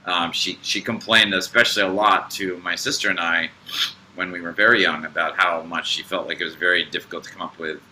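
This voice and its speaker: A man's voice: low-pitched, steady tone, a little fast, sharp tone, slight background noise, low-quality recording. A man co-hosting a spiritual podcast, talking in a rambling, hesitant way with many fillers and restarts. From United States. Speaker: podcast co-host. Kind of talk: casual spiritual podcast chat.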